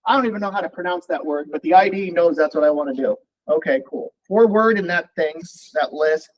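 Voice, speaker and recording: A man with a fairly high voice, talking a little fast, teaches a college programming class, relaxed as he thinks aloud while typing and running code. The recording has its highs cut off.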